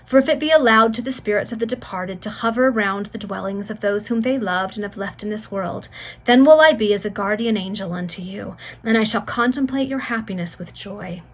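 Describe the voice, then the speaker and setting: A woman's voice: medium pitch, fairly quick, natural voice. A woman reading as a fervent dying young girl.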